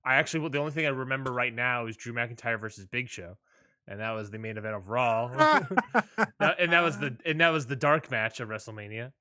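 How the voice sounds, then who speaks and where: A man's voice: mid-range voice, expressive, a little fast, pushed and bright, no room sound. A man hosting a casual wrestling podcast, joking and steering the conversation along. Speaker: podcast host.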